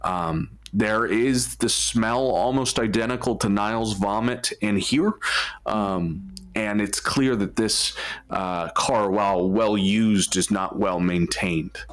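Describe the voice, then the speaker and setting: A man narrating a tabletop role-playing game as game master, unhurried, with many filler sounds. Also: lowish voice.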